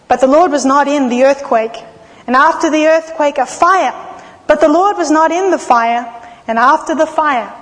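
A woman delivers a sermon in a high, clear voice, telling stories with feeling. She slows down and pauses for effect. Her words ring out with the long reverb of a large hall. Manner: expressive storytelling with dramatic pauses. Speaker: preacher.

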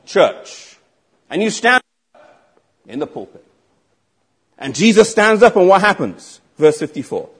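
A man's voice: high-pitched, sing-song, normal speed, long pauses, husky. A man preaching a sermon, emphatic and asking the congregation rhetorical questions.

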